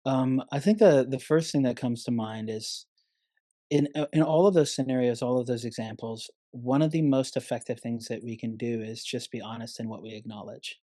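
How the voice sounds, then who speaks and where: A man's voice: mid-range voice, steady tone, normal speed, dark tone, dry recording. Earnest male therapist, dry sound. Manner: earnest, emphatic, often says "man". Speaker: therapist guest. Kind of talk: conversational podcast interview.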